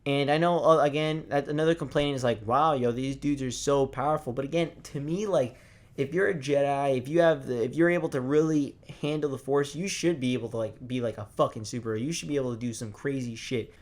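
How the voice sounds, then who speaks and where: A young man giving a casual movie review, excited and profane, rambling with lots of restarts. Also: mid-range voice, quick pace.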